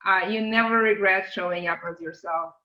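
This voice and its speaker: A woman with a non-native English accent, a podcast guest speaking earnestly and reflectively, often pausing with hesitant fillers and restarts. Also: mid-range voice, bright, forceful tone. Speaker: podcast guest, company CEO. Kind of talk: casual interview conversation. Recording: roomy echoey sound.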